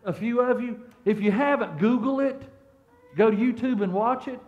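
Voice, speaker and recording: A man's voice: extremely high pitch, normal speed, highs cut off. A middle-aged man, preaching as a pastor in a church. He speaks conversationally, restarts and repeats words, and asks the congregation questions. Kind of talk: sermon. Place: church sanctuary.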